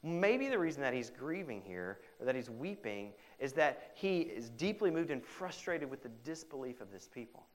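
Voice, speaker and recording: Man, preacher, sermon, dynamic loud-to-soft delivery, conversational, middle pitch. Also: sing-song, moderate pace, few pauses. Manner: dynamic delivery, swinging between loud emphasis and hushed quotes; conversational asides with "right?". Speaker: pastor.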